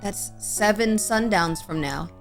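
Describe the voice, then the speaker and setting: A woman voicing a shy, clingy young male creature with cat ears, speaking softly and hesitantly with stammers. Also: medium pitch, takes it slowly, faint music behind.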